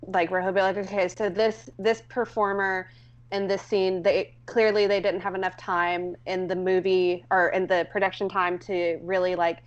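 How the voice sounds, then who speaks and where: A woman's voice: medium pitch, flat delivery, moderate pace. Rambling woman on a dull lo-fi mic. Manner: rambling, filler-heavy storytelling. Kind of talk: casual chat.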